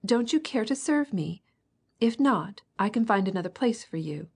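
A woman voicing a stern, fussy older countess who talks in a sharp, demanding way. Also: mid-range voice, measured pace, husky. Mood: severe.

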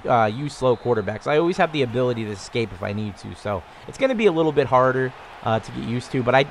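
A man in his twenties casually commentating on his own football video game, getting louder and higher on big plays. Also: a little hiss or hum. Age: 20s. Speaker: gaming YouTuber.

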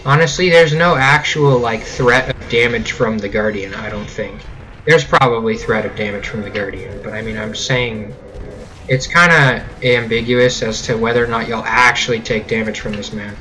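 A man's voice: medium pitch, moderate pace, sharp tone, rough recording. A young man giving casual, jokey gameplay commentary with sarcastic running gags. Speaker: let's play host.

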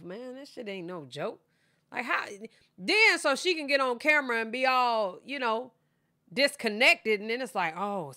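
A woman's voice: fairly high pitch, pushed and bright, no room sound, studio quality. A woman hosting a reaction video, chatting casually with slang and frequent laughs, talking straight to her viewers and sounding tired from filming late at night. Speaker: reaction channel host.

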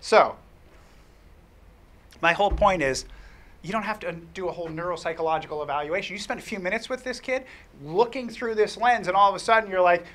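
Bright-voiced man telling a workshop story. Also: high voice, a little fast. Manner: animated, anecdotal, frequent fillers and restarts. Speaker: workshop presenter. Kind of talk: storytelling lecture to an audience.

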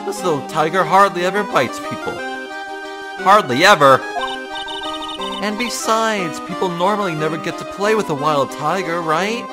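A man putting on a bubbly high circus girl. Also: moderate pace, few pauses, over music, lightly acted. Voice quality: high and gushing. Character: bubbly perky young female circus performer.

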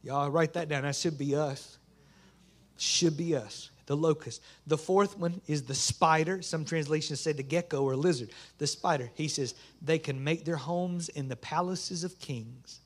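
A man's voice: fairly high pitch, a little slow. A man, a pastor preaching a folksy sermon in a small church. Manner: folksy Southern preaching, rising to fervent shouts.

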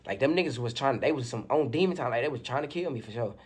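A young man with a husky, slightly breathy voice tells a story in a casual, animated way. He talks in loose slang and keeps the tale rolling with constant fillers, at a middling pitch. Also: fast. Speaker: storyteller in a played interview clip.

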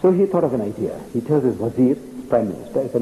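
A man's voice: medium pitch, fast talker, hardly any pauses, slight background noise. A man giving a public lecture on religion, telling stories and acting out the dialogue. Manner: animated storyteller, acts out dialogue. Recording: echoey lecture hall.

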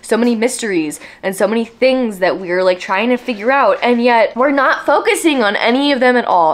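A young woman vlogging about her reading, ranting in an exasperated, emphatic way. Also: mid-range voice. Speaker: book vlogger. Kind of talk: casual vlog rant.

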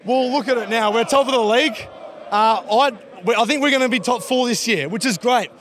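An excited Australian man giving his thoughts on a match outdoors in a rambling way. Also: very high-pitched, brisk, a little hiss or hum. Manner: excited, rambling, thinks aloud. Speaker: football fan interviewee. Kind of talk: street vox pop. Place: outdoors by a stadium.

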